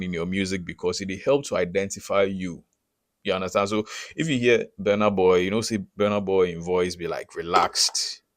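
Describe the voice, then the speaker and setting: Guy, deep-ish voice, dry close sound, keeps asking if you get it. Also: no echo. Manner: checks in often with rhetorical questions. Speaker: recording artist teaching branding. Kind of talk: casual explainer to camera.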